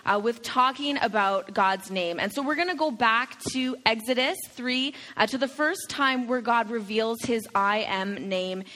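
A woman with a high, bright voice speaks in a chatty, teasing way, laughing often as she teaches a congregation. Her voice rings out with a long hall reverb around it. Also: measured pace, hardly any pauses. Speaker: church teaching leader. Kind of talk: sermon with light banter.

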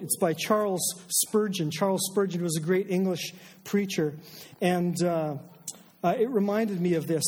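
Conversational middle-aged pastor, high mellow voice. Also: male voice, big-room sound. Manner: conversational, self-deprecating, many fillers and restarts. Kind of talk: sermon.

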